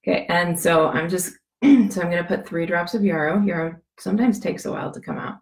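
A woman with a scratchy, gravelly voice, giving a chatty how-to demonstration, rambling with many fillers and restarts. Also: fairly low pitch, a little fast, roomy sound. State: scratchy voice from a cough. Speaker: essential oil demonstrator.

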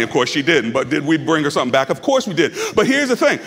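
A man's voice: fairly high pitch, sing-song, fast talker, fairly bright tone, slight background noise. A male pastor preaching a sermon in a conversational, humorous way, drawing the congregation into call-and-response. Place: church sanctuary.

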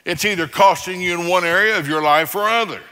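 A male pastor preaching a sermon, emphatic and direct, moving between loud declarations and quiet, low passages. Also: a little fast, clear, resonant tone, in a large hall. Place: church sanctuary.

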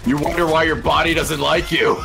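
A young man joining a friend's gaming session, chatting casually and trading dark jokes. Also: a little high, gravelly. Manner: animated, dark-humored joking. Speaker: gaming guest.

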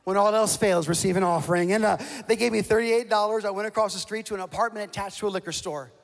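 A male pastor preaching a sermon as a humorous, lively story with self-mocking asides. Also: sits high, fast talker, vocal fry. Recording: reverberant church hall.

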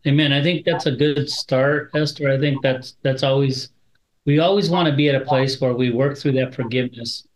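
A man who is a rabbi, teaching in a bible study in a measured, reassuring way with some restarts. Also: mid-range voice, steady tone, slight background noise, low-quality recording.

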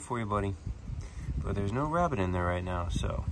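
A man's voice: fairly low pitch, animated, moderate pace, noisy background. A man keeping an animal sanctuary, chatting casually to viewers as he feeds the animals and talking to them affectionately. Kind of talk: casual vlog while feeding animals.

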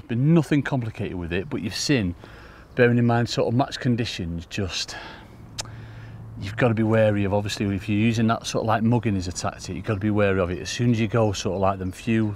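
A chatty man talks to his viewers as he fishes at a lake, calling them folks and getting excited over each catch. His voice sits low, and there is a faint hum of outdoor ambience behind him. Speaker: angler demonstrating fishing. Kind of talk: casual commentary while fishing.

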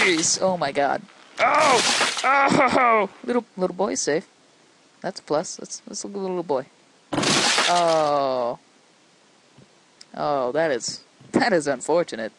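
Excitable gravelly woman yelling at a game. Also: lowish voice, unhurried, pauses often, noisy background. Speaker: gameplay commentator. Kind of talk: let's play commentary. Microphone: desk microphone.

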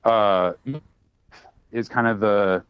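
A man's voice: on the low side, steady tone, very slow, smooth, dry recording. Rambly bartender guy chatting on a podcast, lots of uh and like, kinda muffled dry audio. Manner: rambling and talkative, with many fillers and restarts. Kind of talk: casual chat. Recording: dry, slightly dull sound.

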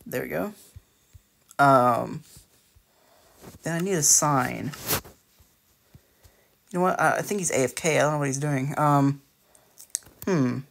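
A man chats loosely through a game build, his voice carrying a gravelly fry. He talks in a meandering, hesitant way, circling back and restarting his sentences often. His pitch sits in the middle of the typical male range. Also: a bit bright. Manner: rambling, hesitant, frequent fillers and restarts. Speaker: let's play creator. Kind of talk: casual gameplay commentary.

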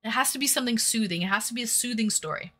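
A woman streamer with a bright, sharp voice pitched a little high. She chats casually, reading her viewers' messages aloud and answering them as she goes. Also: rapid-fire. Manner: chatty, reads and answers viewer chat aloud. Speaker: live-stream host. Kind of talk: casual live-stream chat.

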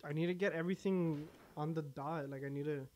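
A man's voice: a little high, steady tone, a little fast, darkish tone, highs cut off, slight background noise. A young man hosting a casual let's-play, laid-back and swearing freely. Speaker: gaming channel host.

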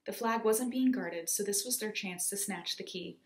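A woman reading a children's story aloud with expressive, lively storytelling. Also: medium pitch, normal speed, echoey room. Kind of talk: storybook narration.

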